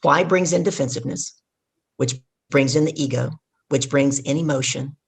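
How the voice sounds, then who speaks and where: A woman business coach, a podcast guest, telling a lively story and acting out what people said. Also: very deep voice, normal speed, husky. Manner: animated storyteller who acts out dialogue. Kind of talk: storytelling interview.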